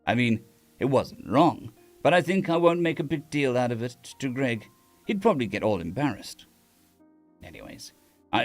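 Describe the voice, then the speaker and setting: A man reading a story aloud on a live stream, with casual restarts and asides to chat. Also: medium pitch.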